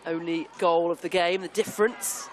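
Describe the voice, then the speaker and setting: A woman giving brisk live football commentary with jokey asides. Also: on the low side, steady tone. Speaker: play-by-play commentator.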